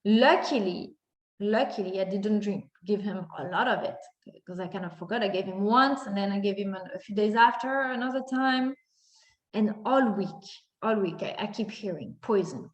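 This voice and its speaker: A spiritual content creator in her thirties tells a personal story in a monologue, recorded in an echoey room. Her voice is medium-pitched and moderately paced, full of fillers as she acts out her own reactions.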